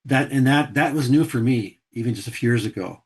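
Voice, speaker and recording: Husky man thinking aloud. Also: mid-range voice, brisk. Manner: searches for words, thinks aloud. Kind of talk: casual podcast discussion on recovery.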